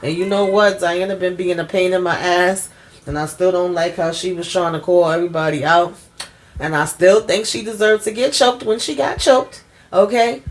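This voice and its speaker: Chatty, blunt woman recapping a TV episode. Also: lowish voice. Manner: chatty, blunt and profane, addressing viewers as "y'all". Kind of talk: casual spoken episode recap.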